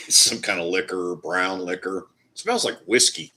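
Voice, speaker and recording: Male livestream host, low-pitched, loose rambling chat. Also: big pitch swings, measured pace, sharp tone. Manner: loose, rambling, swears casually. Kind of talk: casual live chat reading comments.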